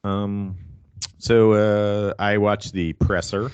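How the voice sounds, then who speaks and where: A man with a low, heavy voice rants his way through a casual podcast chat, profane and sarcastic. The sound is dry and a little muffled, with no room around it. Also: little pitch movement, slow, darkish tone, clear, resonant tone, no echo. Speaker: podcast co-host.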